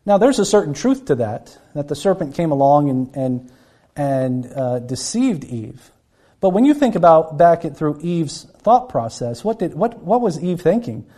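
A man's voice: a little high, big pitch swings, moderate pace, warm tone. A man preaching a Bible-teaching sermon, earnest and often repeating words as he acts out the people he quotes.

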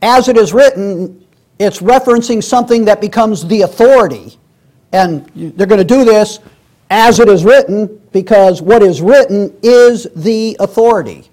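A man's voice: high-pitched, normal speed, a little mellow. A man teaching a Sunday school class in a church, reading scripture aloud and explaining it in a conversational way, with many restarts and asides.

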